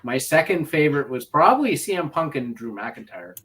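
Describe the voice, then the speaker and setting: A man's voice: on the high side, very animated, brisk, a bit bright. A man co-hosting a casual wrestling podcast in an easygoing way, mostly giving short agreeing replies. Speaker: podcast co-host. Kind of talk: casual chat.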